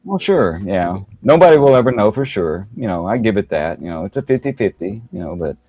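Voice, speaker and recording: Low-voiced man, lively and emphatic. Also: fairly quick, slightly rough, no echo. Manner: emphatic, peppers talk with "man". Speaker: podcast co-host or guest. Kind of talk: casual chat.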